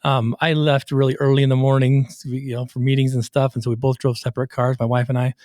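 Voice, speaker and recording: A middle-aged man telling stories on a podcast at a comfortable middle pitch, animated and quick to act out what everyone said. His voice is close and dry, with no room around it. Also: dry recording. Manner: animated storyteller, acts out quotes. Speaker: podcast host and recovery coach. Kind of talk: casual conversational interview.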